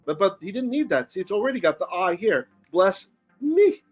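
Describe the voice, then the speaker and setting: Rabbi teaching scripture, reads Hebrew then explains; slightly high voice with faint music behind. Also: male voice, lively intonation, fast talker, husky. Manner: reads Hebrew aloud, then translates and explains, thinking out loud. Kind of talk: Bible study lesson.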